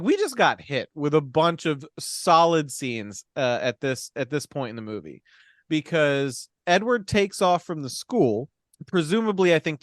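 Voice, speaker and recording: A man's voice: a little high, dry recording, studio quality. A man casually retelling a movie's plot on a podcast, acting out characters' lines with profanity and frequent laughs. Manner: animated, profane, laughs often. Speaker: podcast co-host recapping a film.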